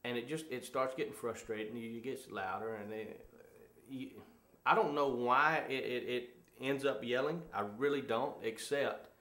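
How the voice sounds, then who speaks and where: A man's voice: medium pitch, normal speed, a bit bright, reverberant. A man co-hosting a casual talk show, telling stories in an easygoing way. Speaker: co-host. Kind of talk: casual chat.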